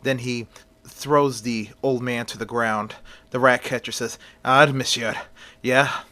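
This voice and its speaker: Male storyteller, bright tone, plain amateur reading. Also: medium pitch, fairly even intonation, a little slow. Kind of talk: amateur fan-story narration.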